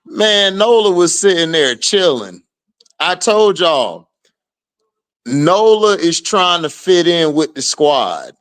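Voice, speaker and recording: A man's voice: on the high side, very animated, slow pace, a bit bright. A man giving casual, slangy live commentary on a game while greeting viewers, often laughing as he trash-talks the players.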